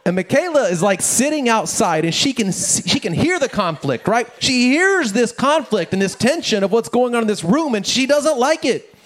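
A middle-aged pastor with a somewhat high voice preaching in a relaxed, conversational way. He stumbles over and repeats words and keeps checking in with his listeners. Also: normal speed, hardly any pauses. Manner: conversational, repeats words, asks "right?" often. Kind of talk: casual sermon with family stories.

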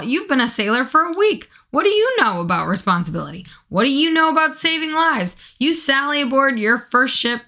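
A woman's voice: a little high, pitched above the performer's own voice, exaggerated voice. A woman reading as a proud male ship captain in a storybook reading, raising her voice for his orders. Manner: raises voice, shouts orders.

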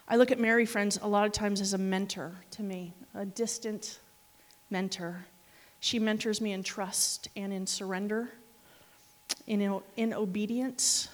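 A woman preaching a sermon, telling stories with laughs, asides and animated quoted reactions. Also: medium pitch, normal speed. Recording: long hall reverb.

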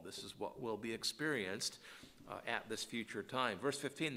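A man's voice: on the low side, normal speed, pushed and bright. A man teaching an adult Bible class, reading scripture aloud with frequent "uh" fillers. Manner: frequent "uh" fillers, rises when reading verses. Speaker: Sunday school teacher.

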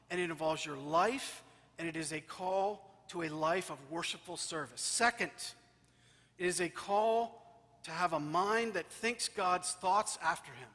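A man's voice: high-pitched, bright, forceful tone. A man, a priest, preaching a sermon in a church. He is emphatic and repeats phrases for rhythm. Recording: long church reverb.

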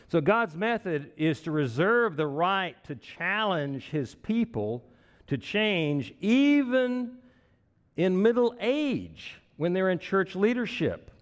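A man's voice: on the high side, long reverb tail. A man in his sixties preaching a sermon in a conversational, storytelling way, with chuckling asides. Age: 60s.

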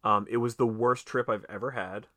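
A man's voice: fairly low pitch, fairly even intonation, normal speed, sharp tone, dry recording, studio quality. A man co-hosting a casual film podcast, chatty and profane, laughing often and acting out movie lines. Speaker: podcast co-host. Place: home, recorded late at night.

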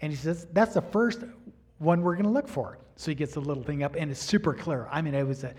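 A middle-aged man preaching, telling a personal story in an animated way and acting out the dialogue. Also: on the high side, fast, breathy edge. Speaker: pastor. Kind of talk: sermon storytelling.

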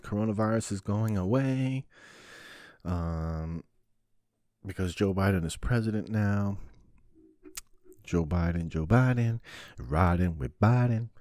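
A man's voice: sits low, darkish tone, no echo, clean studio sound. A man hosting his own podcast, talking in a profane, rambling, sarcastic solo monologue. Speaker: podcast host.

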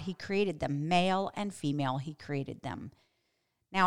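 Earnest female Bible teacher with a slightly low voice; conversational and emphatic, slows down to stress points. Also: clear, resonant tone. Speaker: Bible teacher and podcast host.

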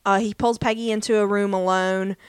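A woman co-hosting a podcast retells a story in a relaxed, rambling way, full of ums and asides. Her voice is smooth and clear at an ordinary pitch. The recording is close and dry, with no room sound. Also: fairly quick, no room sound. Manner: chatty storytelling with many fillers. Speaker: podcast co-host. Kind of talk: casual episode recap.

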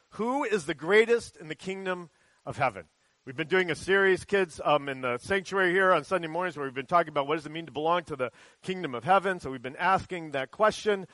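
A man with a fairly high voice gives a children's sermon, chatty and animated as he tells the story. The sound is close and dry, with almost no room echo. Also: moderate pace. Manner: conversational, animated storytelling with acted quotes. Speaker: pastor. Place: church sanctuary.

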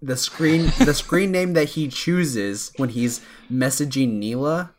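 A man's voice: mid-range voice, takes it slowly, slight background noise. Young man rambling in casual chat. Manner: rambling, joking, laughs often.

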